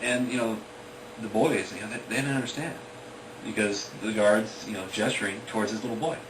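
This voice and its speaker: A man's voice: on the low side, steady tone, brisk. A young man casually retelling his own fantasy story, rambling with lots of fillers and briefly acting out the characters. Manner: rambling, full of "you know" and "like", acts out the characters. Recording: echoey room, mic at a distance, background noise.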